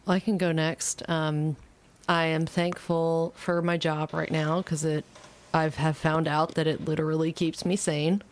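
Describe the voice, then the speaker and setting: A woman's voice: sits low, little pitch movement, a little slow. A woman co-hosting a podcast, easygoing and thoughtful in casual chat. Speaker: podcast co-host.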